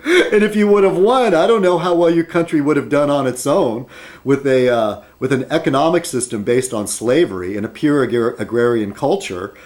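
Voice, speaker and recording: A man's voice: medium pitch, expressive, normal speed, darkish tone. A man rambling at his desk in an opinion video blog, arguing with many rhetorical questions and fillers. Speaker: video blogger.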